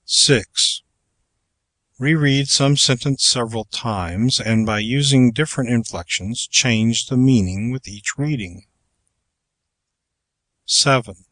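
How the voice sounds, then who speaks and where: A man reading aloud from a public speaking manual as scripted narration, working through numbered exercises in a measured, even way. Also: on the low side, dry recording. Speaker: audiobook reader.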